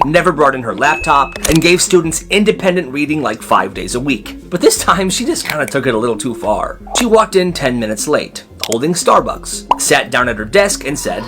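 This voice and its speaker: Animated man telling funny stories. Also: fairly high pitch. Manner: animated, sarcastic commentary. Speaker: storytime narrator. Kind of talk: comedic storytime narration.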